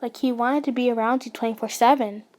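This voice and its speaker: Female narrator, casual fanfic reading; plain delivery, voice a touch high. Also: steady tone, quick pace, darkish tone. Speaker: storyteller.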